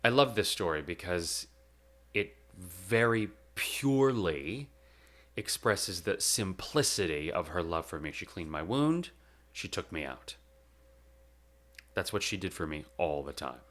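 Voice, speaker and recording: A young man as host of his own show, delivering a measured, reflective eulogy with slow, emphatic pauses. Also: low voice, expressive, fairly bright tone. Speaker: podcast host.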